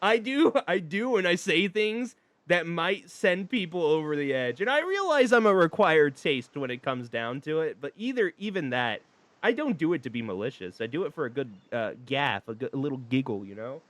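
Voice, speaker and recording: A man streaming a dating game, reading it aloud with animated, laughing, rambling asides. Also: fairly high pitch, normal speed, no room sound. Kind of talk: casual gameplay commentary.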